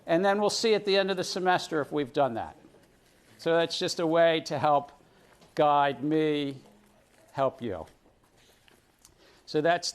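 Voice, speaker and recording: Middle-aged guy teaching a uni class, gravelly voice, keeps throwing questions at the room. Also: fairly high pitch. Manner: conversational, questions the class often. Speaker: lecturer. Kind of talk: university lecture. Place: lecture room with round tables.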